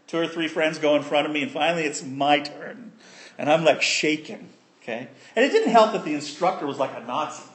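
A man preaching a sermon, telling a childhood story with animated voices and sound effects. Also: on the high side, brisk. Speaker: pastor.

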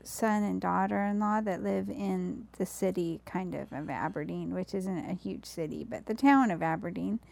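A middle-aged woman chatting casually, hesitant and halting, often restarting her sentences. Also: on the low side, creaky, darkish tone. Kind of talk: casual chat.

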